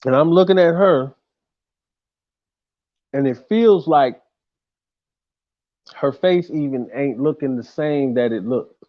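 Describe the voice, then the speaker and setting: A man telling a tour story in a casual, animated way, full of slang and swearing, who sometimes shouts out the lines he quotes. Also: medium pitch, slow pace, pauses often, muffled recording.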